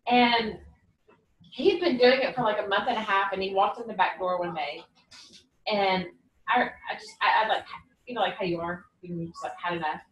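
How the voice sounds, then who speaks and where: A woman's voice: medium pitch, moderate pace, a bit bright, distant mic, highs cut off. Chatty woman telling her story, echoey room. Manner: chatty, lots of fillers and quoted dialogue. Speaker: team member sharing her story. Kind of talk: personal testimony speech. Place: party room with guests. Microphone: camera set away from the speaker.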